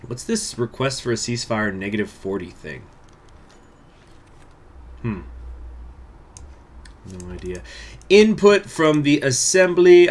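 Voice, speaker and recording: A man commentating a strategy game playthrough, chatty and excitable, reading the game's text aloud. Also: medium pitch, a little slow, pauses often. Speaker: gaming channel host. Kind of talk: let's play commentary.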